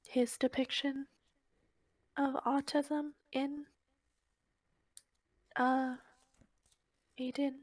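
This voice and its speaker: A woman co-hosting a casual book-discussion podcast, often dropping into soft half-whispered asides. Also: high-pitched, measured pace, dry recording. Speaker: podcast co-host.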